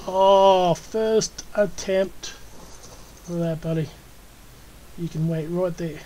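An Australian woman hosts her own gaming channel, talking her way through play in a relaxed, chatty manner. She coos and coaxes at the animals she is taming. Her voice is warm and mellow, with a faint hum of noise underneath. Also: fairly low pitch, slow pace, pauses often, low-quality recording. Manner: chatty, coaxing and cooing at in-game animals. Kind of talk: casual gameplay commentary.

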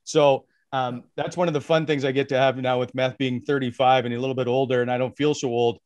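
A male podcast co-host asking curious questions casually, chuckling and pausing with "uh". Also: medium pitch, level tone, a little mellow, no echo. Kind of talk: casual interview chat.

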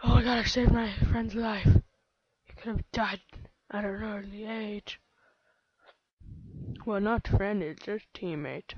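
A woman giving excitable, playful live gameplay commentary, sometimes slipping into baby talk, close to her microphone. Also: mid-range voice, slow, long pauses, husky, dry recording. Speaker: let's play gamer. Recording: dull lo-fi home mic.

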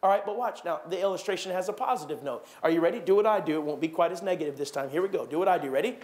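A man preaching a sermon in a church, animated, acting out gossiping churchgoers with raised voices. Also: high voice, rapid-fire. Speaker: pastor. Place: church sanctuary.

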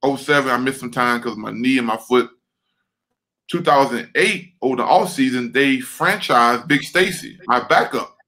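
A man's voice: mid-range voice, moderate pace, low-quality recording. A man, a former football lineman, telling a story with lots of swearing and repeated words over a video call. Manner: animated, profane, repeats words.

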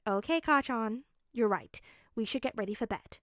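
A woman plays a gentle young man who speaks softly and sweetly, pitched a touch higher. It is a fanfic audiobook reading with a dry, close sound. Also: moderate pace, no echo, close to an everyday voice.

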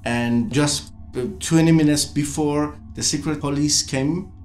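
A man from Iran, giving a documentary interview in halting English full of restarts. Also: a little high, fairly even intonation, a little mellow, echoey room, soft background music. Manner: halting non-native English with frequent restarts. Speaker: interviewee artist.

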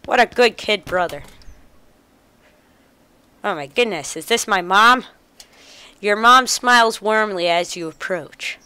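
A woman's voice: medium pitch, slow, long pauses, pushed and bright, clean tone, no room sound. A woman playing a video game, reading the game text aloud and chuckling as she goes. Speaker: gamer. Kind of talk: let's play commentary.

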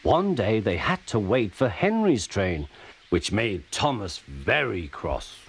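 A man narrating a children's story in an animated, expressive reading. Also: lowish voice, slow, gravelly. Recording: loud music behind.

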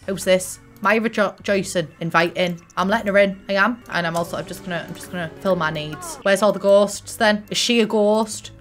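Sweary, excitable Teesside woman gaming. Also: mid-range voice, brisk, few pauses. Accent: Teesside English. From Middlesbrough, England. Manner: excitable, sweary, gasps and chats to the characters. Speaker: gaming YouTuber. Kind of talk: casual let's-play commentary. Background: faint game music.

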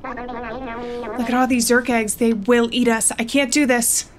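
A woman's voice: fairly high pitch, level tone, slow, crowd noise. A woman voicing a young boy robot who is scared but determined, reading his game subtitles aloud. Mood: worried.

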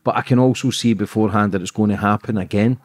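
A man, hosting a podcast interview. He talks quickly in a fairly low voice, asking earnest, probing questions in a chatty tone. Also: husky. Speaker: podcast host. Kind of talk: interview conversation.

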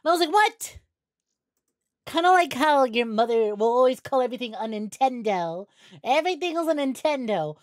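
A young woman streaming a game, chatting casually with viewers, excitable and quick to swear. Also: fairly high pitch, no room sound, studio quality. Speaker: VTuber streamer. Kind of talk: casual gameplay stream chat.

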